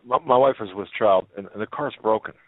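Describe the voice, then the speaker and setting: A panicked young husband pleads urgently for help, read out by a man. The voice is lifted a little above the reader's usual low register and comes through a narrow, dry, phone-like line. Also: a little fast, dry recording, natural voice.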